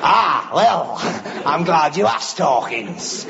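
A man on stage rambles through a chatty stand-up bit, his high voice swooping with life. The live recording is dull and muffled, with steady noise behind. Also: drawn-out words, gravelly, a loud crowd. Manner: rambling, chatty, keeps asking right. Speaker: stand-up comedian. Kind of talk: stand-up set.

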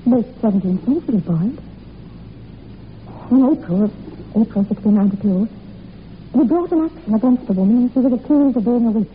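A young woman acting in a 1940s radio drama, telling a dark family legend in an intense, breathless way. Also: on the high side, a little fast, long pauses, close to an everyday voice. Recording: tinny old radio recording with faint hiss.

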